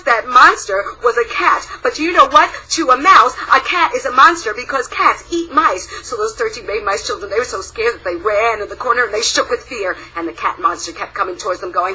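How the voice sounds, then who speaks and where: A young woman telling a children's folktale aloud, animated, with dramatic pauses and sound effects. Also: fairly high pitch, slightly rough, rough recording. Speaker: storyteller. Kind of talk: oral storytelling for children.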